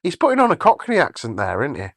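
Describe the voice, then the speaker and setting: A man hosting a podcast, bantering in a lively way with quick restarts. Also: a little high, no echo, studio quality. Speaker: podcast host. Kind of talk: casual chat.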